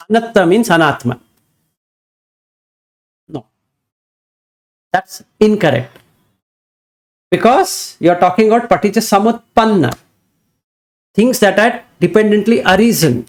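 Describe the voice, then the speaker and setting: A man teaching in an emphatic dharma talk, firing off rhetorical questions to his listeners. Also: sits high.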